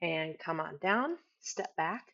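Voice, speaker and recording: A woman teaching a guided yoga class, giving calm step-by-step cues and often checking in with a quick "right?". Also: low-pitched, vocal fry, muffled recording.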